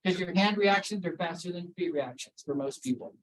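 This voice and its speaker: On poor audio, a man's high, slightly bright voice runs a little fast. He's addressing a workplace crowd about mental health as a wellness speaker, emphatic and repetitive about key points, asking questions and calling on people by name.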